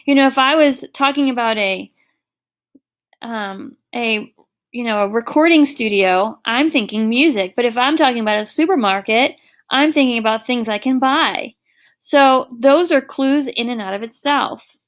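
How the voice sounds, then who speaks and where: A woman's voice: a little high, normal speed. A middle-aged woman teacher giving a recorded online lesson, explaining patiently with everyday examples.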